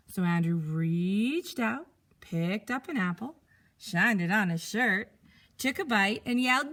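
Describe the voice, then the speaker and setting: A teacher reading a picture book aloud to young pupils, expressive and animated. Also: female voice, medium pitch, a little slow.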